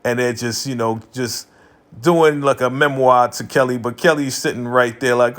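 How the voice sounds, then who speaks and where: A man's voice: medium pitch, fairly even intonation, a bit bright. Chatty man recapping a TV episode. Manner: conversational, peppered with "you know" and "right?"; acts out characters' lines in quick asides. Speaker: TV recap vlogger.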